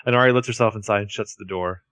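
A man's voice: fairly low pitch, steady tone, quick pace, fairly bright tone, no echo. A man co-hosting a podcast, narrating TV scenes in casual, swearing chat. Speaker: podcast co-host.

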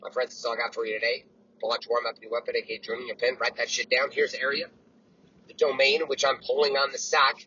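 A man in his early forties hosting a motivational podcast, telling a story in a blunt, profane, animated way. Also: medium pitch, fast talker, muffled recording, a little hiss or hum. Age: 40s. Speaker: podcast host. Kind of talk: motivational monologue.

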